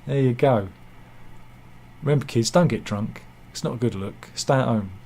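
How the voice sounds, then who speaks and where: A man's voice: medium pitch, normal speed, vocal fry, darkish tone, slight background noise. A man giving casual satirical news commentary, full of wry self-mocking asides and mock-dramatic quips. He talks over pictures he shows. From England.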